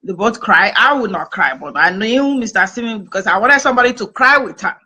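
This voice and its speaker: A woman's voice: mid-range voice, expressive, fairly quick, sharp tone, breathy edge, poor audio. A middle-aged woman hosting a family talk show, telling a personal story emphatically and repeating phrases for effect. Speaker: host and family therapist.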